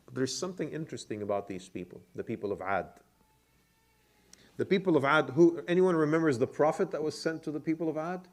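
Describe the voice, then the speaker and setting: A man's voice: fairly high pitch, lively intonation, brisk. A man, an imam, teaching Quran commentary to a class, asking them questions and often repeating words as he goes. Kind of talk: classroom lecture with questions to the audience.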